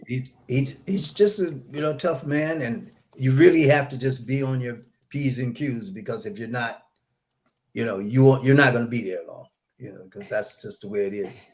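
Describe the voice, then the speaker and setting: Guest: male film crew member, middle pitch, halting "you know" speech. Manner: leans on "you know", repeats himself. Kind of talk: casual chat.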